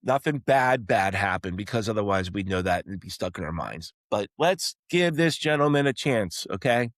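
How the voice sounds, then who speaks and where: Emphatic low-voiced man on a sports podcast. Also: animated, normal speed, no room sound. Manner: emphatic, repeats "okay?" to drive points home; rallying, pleading tone toward fans. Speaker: podcast host. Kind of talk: solo sports opinion podcast.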